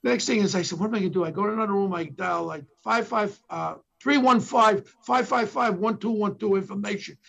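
An older man with a thick New York accent spins a police story in a gravelly, husky voice. He sits high in the male range and leans hard into the lines he quotes, playing each person in the tale. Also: a little fast, few pauses, a bit bright, highs cut off. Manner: acts out quotes from others with emphatic bursts. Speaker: former police detective telling stories as a podcast guest. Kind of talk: animated storytelling.

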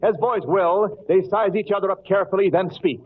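A man's voice: sits high, a little fast, slightly rough. A man hosting an old radio comedy show, narrating a spoof with wisecracking punchline timing. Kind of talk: comic narration for a radio audience. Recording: tinny old radio broadcast with hiss.

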